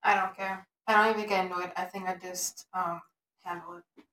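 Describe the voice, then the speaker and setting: A young woman co-hosting a podcast, giving dry, deadpan replies in casual chat. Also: on the low side, a little fast, echoey room, slight background noise, low-quality recording. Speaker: podcast co-host.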